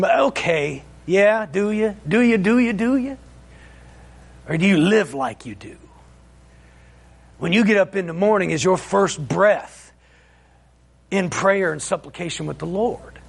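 A man's voice: sits high, lively intonation, unhurried, gravelly, long pauses. A man preaching in a folksy, fervent way, telling a personal testimony with frequent amens and restarts. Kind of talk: informal sermon testimony.

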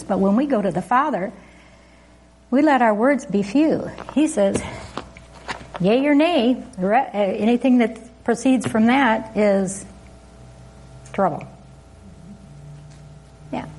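A woman's voice: a little high, a little mellow, husky. A woman preaching an informal sermon, chatty and often laughing as she asks the congregation questions.

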